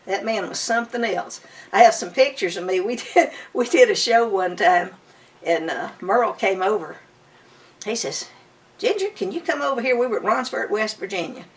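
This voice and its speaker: An older woman with a drawl talks fondly and eagerly, piling one story onto the next in a relaxed interview. Her voice sits at a middling pitch for a woman and comes across a little distant, as if the mic is some way off. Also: normal speed. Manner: enthusiastic, chatty, fond storytelling. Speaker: bluegrass musician interviewee. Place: her home.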